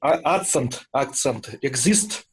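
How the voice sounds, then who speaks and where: A man student asking questions on a video call, halting and repeating words. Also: mid-range voice, expressive.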